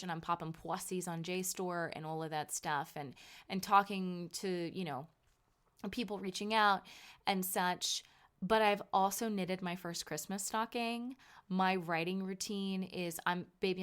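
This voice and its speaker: In her thirties, this woman hosts a casual solo podcast and is also an author. Her voice sits on the low side with a fairly bright tone, and she comes across as chatty and emphatic yet sleepy and tired.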